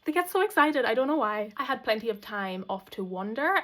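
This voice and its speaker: A woman's voice: a little high, sing-song, a little fast, hardly any pauses, fairly bright tone. A Scottish woman in her thirties from the Outer Hebrides tells a personal story as a vlog voice-over, chatty, candid and reflective. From Outer Hebrides, Scotland. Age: 30s. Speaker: vlogger.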